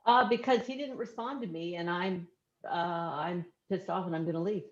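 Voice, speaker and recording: A woman acting student who reads her scene lines and then chats about how she played them. Her voice sits low for a woman. It reaches the call from a roomy space and comes through muffled. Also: moderate pace. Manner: chatty, explains her choices. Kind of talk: scene reading and class discussion.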